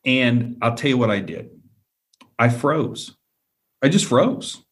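A man's voice: medium pitch, slow pace, fairly bright tone. A man telling a personal story as a guest, earnest and repetitive, often checking in with the listener.

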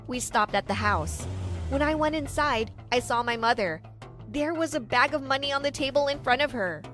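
High-voiced young woman narrating a story. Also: expressive, moderate pace, a bit bright, soft background music. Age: young adult. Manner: dramatic storytelling. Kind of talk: scripted first-person story narration.

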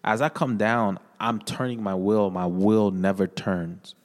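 A man tells his life story as a podcast guest, earnest and conversational, circling back on his own words. His voice sits fairly low. The room rings with a long, echoing reverb. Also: unhurried. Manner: earnest storytelling with many repeated phrases. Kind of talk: personal testimony in casual conversation.

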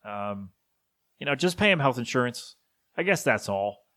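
A man hosting a solo podcast, talking casually and with strong opinions, often correcting himself and sometimes slipping into a gruff put-on voice for quick impressions. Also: mid-range voice, animated, fairly bright tone. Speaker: podcast host. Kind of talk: solo rambling podcast talk.

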